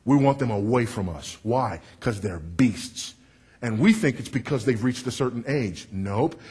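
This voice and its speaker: A husky, slightly breathy male preacher with a big voice delivers a sermon. He speaks emphatically and wryly and works the crowd. His voice swings from loud to low. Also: lively intonation, a little slow. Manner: confessional and wry, working the crowd.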